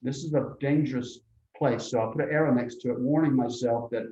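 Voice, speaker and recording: A man's voice: medium pitch, fairly even intonation, fairly quick, dark tone. A man art teacher giving a live demonstration lesson, thinking aloud as he works and often checking in with "okay?". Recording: dull roomy lo-fi recording.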